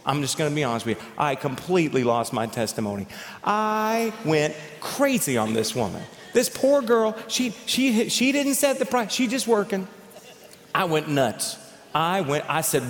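A man preaching a sermon as pastor, telling stories in an animated way and often repeating words as he goes. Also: on the high side, moderate pace, a little hiss or hum. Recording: long reverb of a large hall.

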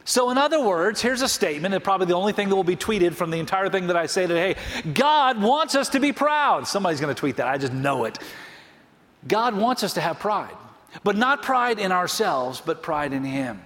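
High-voiced preacher in a reverberant hall. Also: male voice, lively intonation, a bit bright. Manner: storytelling preacher, emphatic slow phrases. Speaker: pastor. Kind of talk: sermon.

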